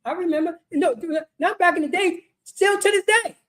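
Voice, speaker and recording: A woman's voice: very high-pitched, moderate pace. A woman teaching a religious law class in an emphatic, repetitive street-style sermon, often asking "you know what I mean". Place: meeting hall.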